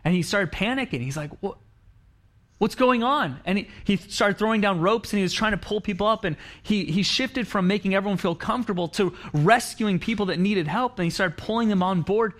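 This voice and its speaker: A man delivers a sermon as pastor in a conversational style, performing quoted lines and often restarting. His voice sits high and a bit bright, running a little fast with few pauses.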